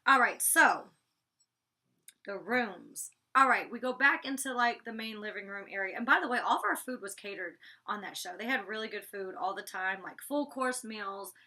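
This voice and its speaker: A woman's voice: medium pitch, animated, moderate pace, bright, forceful tone. A woman casually recapping a reality show she was on, chatty, full of "like"s and restarts. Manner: talks to her dog mid-recap. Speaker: reality show cast member recapping an episode.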